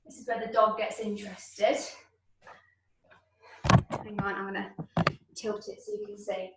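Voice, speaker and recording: A woman's voice: medium pitch, flat delivery, a little slow, very noisy. A woman leading an online exercise class from home over a video call, encouraging and counting out reps, at times out of breath. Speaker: fitness instructor. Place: room at home. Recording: very echoey room, voice from far off.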